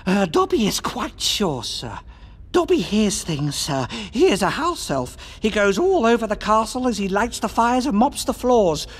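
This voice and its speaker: A squeaky, eager house elf. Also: male voice, sing-song, a little slow, husky, full character voice. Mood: earnest. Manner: servile, addresses everyone as sir. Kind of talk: audiobook character voice.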